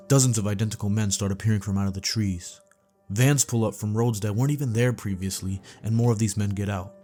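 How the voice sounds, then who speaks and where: A man calmly narrating a first-person dream story for sleeping, in a steady, low-key way. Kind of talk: calm bedtime story reading. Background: faint background music.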